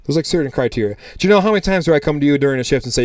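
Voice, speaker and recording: A man co-hosting a casual podcast, telling lively stories in a loose way, swearing freely and acting out the people he meets. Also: a little high, very fast, dry recording. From United States. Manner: animated storyteller, swears freely, acts out customers. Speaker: podcast co-host. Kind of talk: casual chat.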